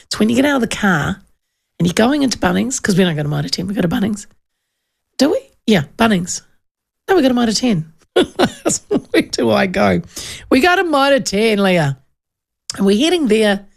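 A woman's voice: mid-range voice, sing-song, normal speed, creaky, long pauses. A woman, hosting a radio show in casual, rambling chat. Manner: chatty, rambling storytelling with many restarts. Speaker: radio host.

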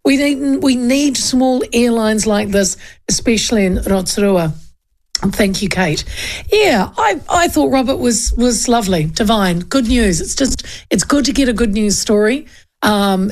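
A middle-aged woman with a New Zealand accent hosts talkback radio in a chatty, cheeky way. She reads listener texts and spins casual anecdotes with an easy, conversational delivery. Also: medium pitch.

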